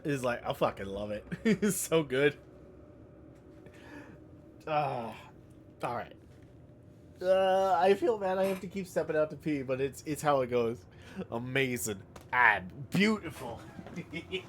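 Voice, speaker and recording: A man's voice: mid-range voice, expressive, measured pace, long pauses, slight background noise. A man streaming a video game, chatting casually and jokingly with his viewers in a rambling way. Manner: rambling, joking, reacting to chat.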